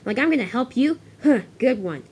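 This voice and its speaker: A woman's voice: fairly high pitch, animated, normal speed, a little mellow, breathy edge. A woman voicing a rude, lazy male dump truck who mocks others in a toy-train story. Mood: sneering. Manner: sneering, dismissive.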